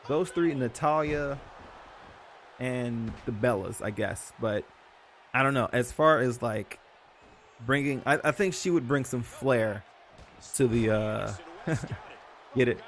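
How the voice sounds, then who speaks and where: A man's voice: mid-range voice, slow, pauses often. Rambling young man with faint room noise. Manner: rambling, self-correcting, filler-heavy. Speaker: YouTube host. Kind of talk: casual rambling commentary.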